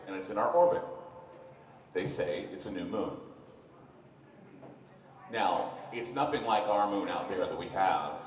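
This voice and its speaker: A man, a radio talk host, speaking live to a bar audience as an animated, rambling storyteller with mocking asides. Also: fairly low pitch. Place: sports bar, live event. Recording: roomy, far-off live room sound with faint noise.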